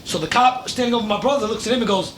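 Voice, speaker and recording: A man hosting a casual podcast, telling a story in a profane, animated way and acting out the voices of the people in it. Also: rapid-fire. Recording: noisy recording with low rumble.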